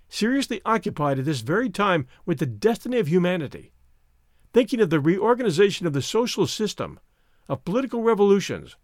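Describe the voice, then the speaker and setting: A man's voice: high voice, dry recording, clean studio sound. A man reading a first-person story aloud as narrator, in a reflective storytelling manner. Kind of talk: scripted audiobook narration.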